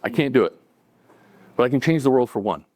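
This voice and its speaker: Man, middle-aged, storyteller, relaxed, chatty, average pitch. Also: a little fast, dry recording. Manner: relaxed, conversational, with chuckles and acted-out quotes. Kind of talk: live personal storytelling.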